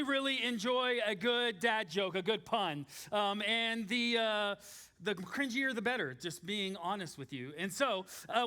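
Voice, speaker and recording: Man, pastor, thirties, high bright voice, chatty sermon full of fillers. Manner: casual and talkative, many fillers, animated storytelling. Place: church.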